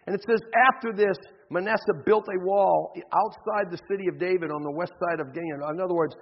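A man's voice: high voice, steady tone, fairly quick. A man preaching a sermon in a church, telling a Bible story with passion and acting out its figures. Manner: impassioned, acts out biblical figures. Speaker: pastor. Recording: dull audio with long hall reverb.

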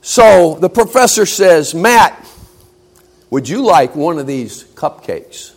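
Male preacher, fairly high voice, dramatic storyteller who voices each character. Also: big pitch swings, takes it slowly. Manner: acts out characters, swings from loud to hushed. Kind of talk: sermon illustration story.

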